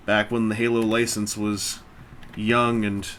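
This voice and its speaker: A man's voice: on the low side, level tone, measured pace, fairly bright tone, slight background noise. A man casually chatting while he builds a brick set, rambling along with self-mocking jokes and asides. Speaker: toy-building video host. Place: indoors at a table.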